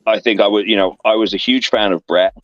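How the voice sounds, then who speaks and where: A man in his thirties with an English accent spins loose, filler-laden anecdotes in a low voice. The sound is dry, a touch dull and lo-fi, with faint music underneath. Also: fast, no room sound. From England. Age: 30s. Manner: rambling, filler-heavy anecdotes with lively voiced asides. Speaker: guest, professional wrestler. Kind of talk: casual storytelling interview. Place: online interview stream.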